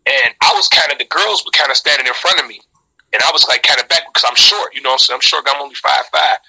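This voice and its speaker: A middle-aged man, a rapper, telling a story in a casual interview, animated and profane, jumping into high shouts when he reenacts what people said. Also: fast talker, gravelly, husky, rough recording.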